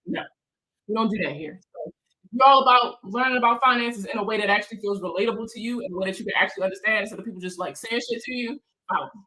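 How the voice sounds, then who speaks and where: A woman's voice: medium pitch, very fast, sharp tone, low-quality recording. A woman hosting a casual livestream chat, slangy and swearing freely, laughing often as she reads viewer comments aloud and answers them. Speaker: financial counselor hosting a live chat.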